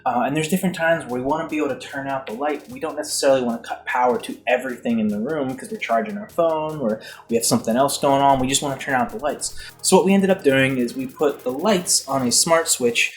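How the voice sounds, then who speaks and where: A man's voice: medium pitch, fast. Guy rambling through a funny story, self-mocking, bit of music under it. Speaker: vlogger. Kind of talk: casual comic storytelling.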